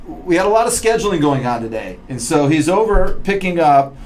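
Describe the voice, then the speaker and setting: A man hosting an interview, friendly and self-deprecating, firing off quick questions. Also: fairly high pitch, animated, darkish tone, slight background noise. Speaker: interview host. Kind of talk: casual interview chat.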